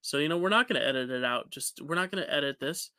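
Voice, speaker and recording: A man's voice: fairly high pitch, animated, fast, bright, forceful tone, no echo. A man co-hosting a podcast, talking in a laid-back way with lots of "like" and easy laughs. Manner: laid-back, says "like" often, laughs easily. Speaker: podcast co-host. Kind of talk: casual podcast chat.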